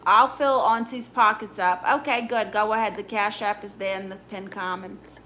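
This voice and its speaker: A woman's voice: medium pitch, fairly even intonation, bright, forceful tone, natural voice. A woman with a Brooklyn accent voicing a blunt, sassy aunt who reads viewer comments and gives dating advice on a live stream. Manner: blunt, sassy, quick comebacks.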